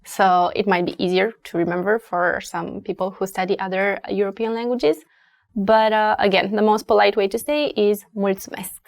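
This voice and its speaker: A young adult woman with a Romanian accent, teaching phrases in a lesson and repeating words slowly for learners. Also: medium pitch, steady tone, creaky, no room sound. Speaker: language teacher. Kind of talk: language lesson.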